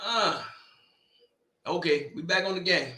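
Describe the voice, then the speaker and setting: A man with a bright, forceful voice hosts a casual watch party stream. He reacts loudly to every play and talks back at the screen. His voice rings around an echoey room. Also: high voice, measured pace. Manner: loud, animated, talks back to the game.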